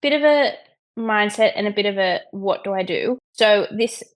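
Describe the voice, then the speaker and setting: A woman's voice: mid-range voice, moderate pace. Chatty Australian woman. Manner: chatty, with fillers and slang. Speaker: online coach on a mastermind call. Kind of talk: casual chat.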